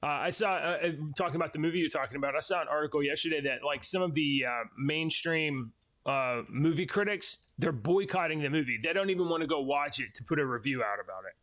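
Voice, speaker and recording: A man's voice: on the high side, fast, fairly bright tone. A man co-hosting a casual podcast chat, hedging and arguing his points with many restarts. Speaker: podcast co-host.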